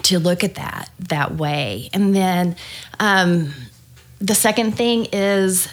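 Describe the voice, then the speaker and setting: A woman who works as a pastoral care pastor tells a personal story in a podcast conversation, animated and acting out the dialogue. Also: lowish voice, takes it slowly. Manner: lively storyteller, acts out dialogue.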